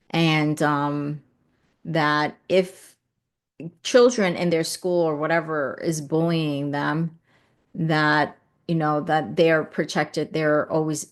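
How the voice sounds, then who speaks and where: A woman hosting a live stream, talking casually and earnestly to her viewers, often repeating phrases for emphasis. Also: low voice.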